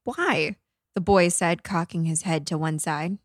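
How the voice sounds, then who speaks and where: A female narrator tells a spooky comic tale in a fairly low, wry, matter-of-fact voice. The sound is dry and close. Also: steady tone, normal speed, no room sound. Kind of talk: storytelling narration.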